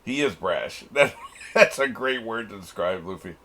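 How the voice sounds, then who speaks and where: Husky, animated man reacting to anime. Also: fairly low pitch, normal speed. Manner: laughs often, swears casually, ends lines with "man". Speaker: reaction channel host. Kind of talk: casual anime reaction commentary.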